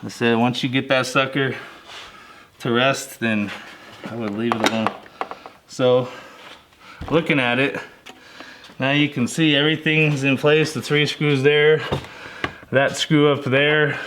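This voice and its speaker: A man casually talking viewers through a hands-on vehicle repair, relaxed and chatty as he works. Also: medium pitch, unhurried, long pauses. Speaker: DIY vehicle tutorial host. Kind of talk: casual hands-on how-to walkthrough. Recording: roomy echo with faint noise.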